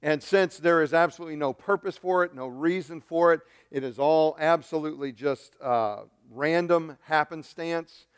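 Guy giving a sermon, big rhetorical questions, loud then quiet, voice a bit high. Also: normal speed, few pauses, clean tone. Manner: emphatic, rhetorical questions, swings loud and soft. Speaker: pastor.

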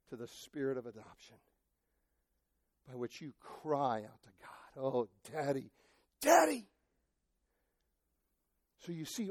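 A male pastor preaching a sermon, impassioned, moving from shouted cries to near-quiet asides. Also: high-pitched, dry recording, studio quality.

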